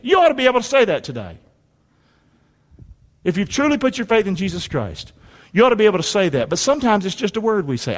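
Brisk and very animated, the pastor's voice sits high as he preaches in a church sanctuary where long hall reverb trails each line. He reads scripture aloud and draws the congregation into call-and-response.

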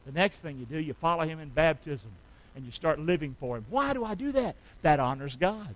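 On poor audio, a middle-aged male pastor with a slightly high, expressive voice preaches a little fast. He uses call-and-response, calling out to the congregation for amens and answers.

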